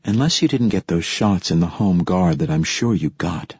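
A man's voice: sits low, expressive, normal speed, slightly rough, no room sound, muffled recording, full character voice. A man whispering as a tender teasing young woman, whispered role-play. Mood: hushed tender. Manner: soft, hushed, teasing.

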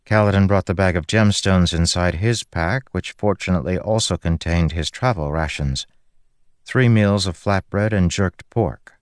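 Male audiobook narrator, very deep voice, dry close sound. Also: clear, resonant tone, no echo. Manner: even, measured.

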